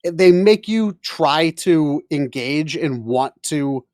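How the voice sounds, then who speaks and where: A man's voice: a little high, lively intonation, slow pace, a little mellow, no room sound, clean studio sound. A man co-hosting a podcast, talking emphatically and swearing freely. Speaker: podcast co-host. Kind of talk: casual podcast chat.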